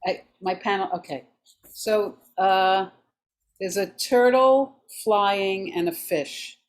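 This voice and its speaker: A woman's voice: mid-range voice, takes it slowly. Woman, playful read of her comic, video call. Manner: reading dialogue aloud, playful. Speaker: workshop participant.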